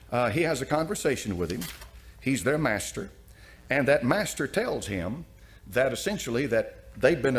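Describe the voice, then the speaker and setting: A man preaching and commenting on a story, emphatic and repeating phrases for effect. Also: medium pitch.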